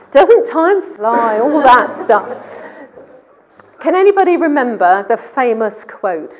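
Woman preacher, fairly high, conversational sermon, muffled lo-fi church recording. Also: big pitch swings, a little slow. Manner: conversational, quizzing the congregation.

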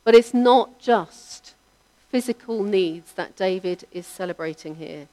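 Calm woman preaching a sermon. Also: mid-range voice. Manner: measured, reflective delivery with softly trailing line ends.

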